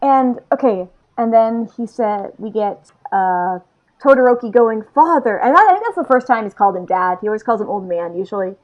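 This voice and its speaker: A woman's voice: medium pitch, animated, a little fast, muffled recording. A woman co-hosting a podcast, chatting casually about a manga chapter and thinking aloud with lots of "like"s. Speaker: podcast co-host.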